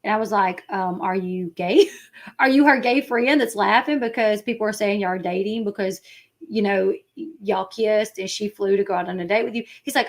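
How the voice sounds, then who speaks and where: A woman's voice: medium pitch, moderate pace. A woman with a Southern US country accent, hosting a casual livestream chat, rambling and acting out the people she quotes. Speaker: YouTube commentary host.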